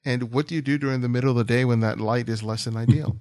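A man's voice: medium pitch, fairly even intonation, fast, darkish tone, dry recording. A man in the middle of his range hosts a podcast interview, asking questions conversationally. He repeats and restarts words as he thinks, and his voice sounds dry and close, with no room around it.

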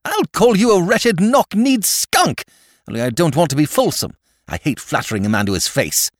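Male reader doing a sardonic young gent, higher than his own voice, lively and theatrical. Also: no echo, clean studio sound. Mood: indignant. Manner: bantering, theatrical, quick. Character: brash, mocking young English gentleman.

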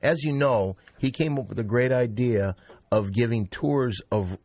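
A man hosting a comedy podcast, briskly steering the talk and reading plugs and shout-outs. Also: mid-range voice, no room sound. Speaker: podcast host.

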